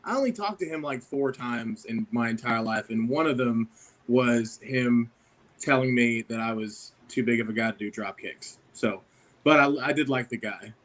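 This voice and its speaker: A man stopping by a podcast as a guest, friendly and a bit hurried, chatting casually. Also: medium pitch, a bit bright.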